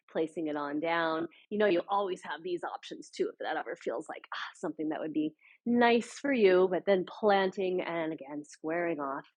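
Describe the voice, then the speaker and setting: A woman leading a guided chair yoga class as an adaptive yoga instructor, giving gentle, encouraging cues with frequent fillers. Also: on the low side.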